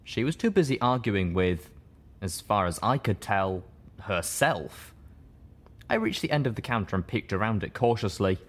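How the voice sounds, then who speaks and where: A man narrating an audiobook in the first person, with a steady, measured reading. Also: lowish voice.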